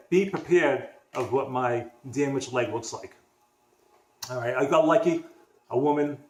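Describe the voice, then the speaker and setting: A man's voice: mid-range voice, darkish tone. A young man from the Boston area telling a personal story on his vlog in a casual, rambling way, restarting sentences and acting out what others said. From Boston area, USA. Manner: rambling, restarts often, acts out dialogue. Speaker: vlogger. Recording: echoey room.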